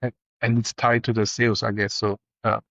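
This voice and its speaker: A man's voice: lowish voice, little pitch movement, a little fast, gravelly, sharp tone, dry recording. A man hosting an interview, asking questions hesitantly with many fillers. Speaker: interviewer, podcast host. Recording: dry, dull lo-fi sound.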